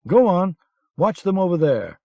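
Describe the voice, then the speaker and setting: A man's voice: sits high, very animated, measured pace, creaky, dry recording, pitched above the performer's own voice, heavily acted. A man voicing a blustering German army lieutenant who barks commands, on a dull lo-fi cassette audiobook recording. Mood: bellowing. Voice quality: barking, commanding.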